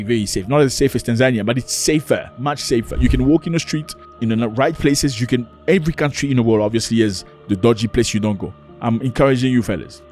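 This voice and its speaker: A man's voice: mid-range voice, a little mellow. A man vlogging an opinionated monologue, emphatic and preachy, who often acts out the voices of people he quotes.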